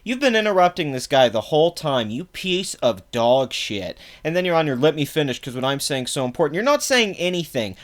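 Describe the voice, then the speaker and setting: A young man who hosts a political commentary video delivers an angry, profane reaction rant. He talks fast in a slightly high voice and uses frequent fillers.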